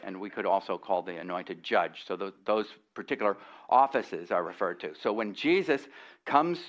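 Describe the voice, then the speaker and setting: Lower-voiced man preaching a sermon. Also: normal speed, highs cut off. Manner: expository, folksy asides, frequent restarts.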